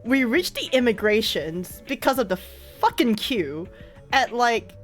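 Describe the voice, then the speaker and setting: A woman streamer telling a story in casual chat, animated and laughing often. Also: on the high side, unhurried, faint music behind.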